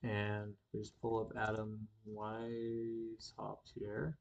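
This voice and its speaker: A man's voice: lowish voice, completely flat delivery, slow pace, gravelly, highs cut off. Man talking with a slight lisp. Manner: rambling, self-correcting, thinks aloud while reading from screen. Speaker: sports commentator host. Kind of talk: live-streamed casual monologue.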